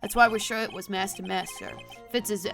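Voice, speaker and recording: A woman's voice: medium pitch, fairly quick, gravelly, a bit bright, faint music behind. A woman voicing an eager male police detective, earnest and clumsy, giving a dutiful report and stumbling over words.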